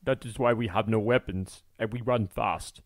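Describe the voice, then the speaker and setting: A man's voice: lowish voice, fairly even intonation, moderate pace, no echo, clean studio sound, close to an everyday voice. A man voicing a skinny, hungry runaway man who speaks nervously and pleads. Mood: pleading.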